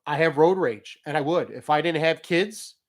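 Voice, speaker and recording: A man's voice: fairly high pitch, moderate pace. A man talking casually as host, telling a story and giving motivational advice, laughing as he goes. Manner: animated, laughs while telling stories.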